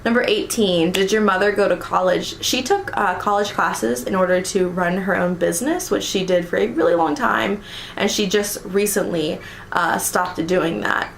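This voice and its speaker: A woman's voice: mid-range voice, normal speed, gravelly, a little hiss or hum. Chatty young American woman, roomy sound. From United States. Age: young adult. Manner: chatty, giggly, many ums and likes. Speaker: vlogger. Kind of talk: casual chat reading tag questions.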